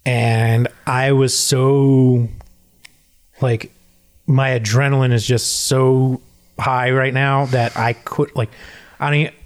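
A man's voice: mid-range voice, slow. Man rambling through a story. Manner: rambling, many "like" and "he's like" fillers; acts out quotes in animated retelling. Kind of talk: casual chat.

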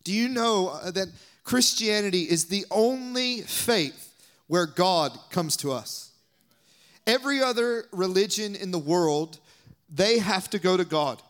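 A man's voice: sits high, a bit bright. A young adult man with a Southern US accent preaching a sermon as a guest speaker, emphatic and dropping now and then to whispered asides.

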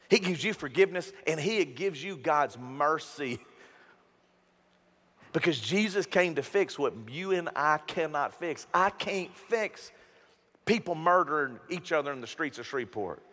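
A man preaching a sermon as pastor, emphatic and animated, with jokes and stories. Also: a little high, measured pace, big-room sound. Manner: animated, emphatic, joking storyteller.

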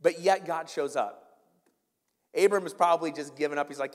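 A man preaching a sermon as pastor, swinging between loud emphasis and quiet asides. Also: fairly high pitch, moderate pace, pauses often, long reverb tail.

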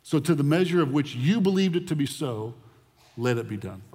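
Animated male preacher in a reverberant hall. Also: on the high side, a little fast, slightly rough. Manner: animated, repeats words when excited. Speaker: pastor. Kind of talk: sermon.

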